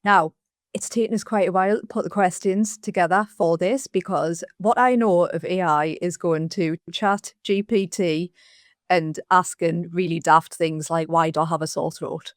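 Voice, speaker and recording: A woman with a Geordie accent, chatting as a podcast co-host. Her voice sits a little low for a woman and sounds slightly rough from a sore throat. The sound is close and dry, with no room around it. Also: fairly even intonation, moderate pace, dry recording. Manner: chatty, self-mocking, laughs easily. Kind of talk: casual podcast chat.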